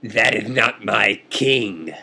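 Male reader as stubborn, grumbling chess loser; dry, dismissive, unhurried. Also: fairly low pitch, vocal fry, bright, forceful tone, slightly rough, full character voice. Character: stubborn sore-losing male chess player.

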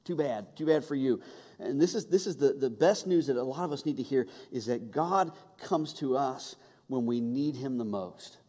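A man preaching a sermon as pastor, telling the story with humor, quick asides and restarts. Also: mid-range voice, expressive, mellow. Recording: long reverb of a large hall.

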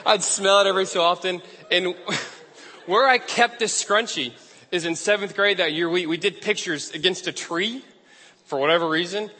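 A man's voice: sits high, moderate pace, sharp tone. A man preaching a storytelling sermon, chatty and self-deprecating. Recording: long hall reverb.

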